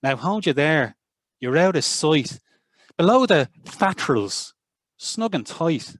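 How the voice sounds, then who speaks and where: Irish man, Northside Dublin accent, dry close sound, lively rhythmic reading of verse. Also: on the high side, slow pace, dry recording. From Ireland. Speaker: university lecturer. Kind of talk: poetry reading. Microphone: video call.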